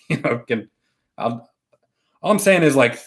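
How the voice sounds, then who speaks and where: A man's voice: mid-range voice, expressive, unhurried. A man hosting a casual live stream, rambling and reading viewer comments aloud. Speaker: host.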